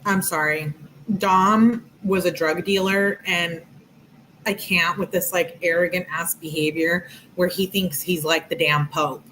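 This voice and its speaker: A woman's voice: fairly low pitch, fairly even intonation, unhurried, a bit bright, slight background noise, low-quality recording. A woman giving casual true-crime commentary, talking bluntly and candidly to her viewers in slangy asides. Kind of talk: casual commentary reading text messages.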